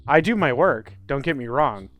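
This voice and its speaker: A man's voice: mid-range voice, animated, normal speed, dull audio, over music. A man hosting a casual let's play, ranting sarcastically with lots of swearing. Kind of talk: casual gameplay commentary with ranting stories.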